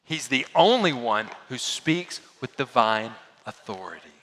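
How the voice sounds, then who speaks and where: A male pastor delivers a sermon in a bright, forceful voice that swings widely in pitch. He pushes hard on key phrases and then falls to quiet, hushed lines. The sound carries a long reverb, as in a large hall. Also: sing-song, measured pace. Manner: dynamic preaching, swinging from loud emphasis to hushed lows.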